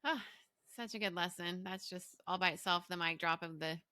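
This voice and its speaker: A woman's voice: lowish voice, normal speed, sharp tone, dry recording, clean studio sound. A woman hosting a podcast interview, asking long, careful questions and affirming her guest. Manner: affirming listener, asks long thoughtful questions. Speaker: podcast host. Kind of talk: conversational interview.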